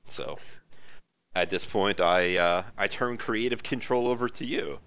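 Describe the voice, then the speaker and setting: A man narrating a tabletop game as game master, rambling and relaxed with many fillers. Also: fairly low pitch, unhurried, dry recording.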